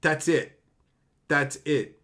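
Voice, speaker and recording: A man's voice: on the high side, drawn-out words, a bit bright. A man streaming live, reading chat and ranting at it in profane, exasperated bursts.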